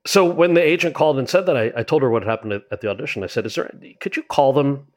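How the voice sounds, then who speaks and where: A man, an actor and writer, telling stories from his career in a casual interview, animated and full of quoted asides. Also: mid-range voice, fast. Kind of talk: conversational storytelling.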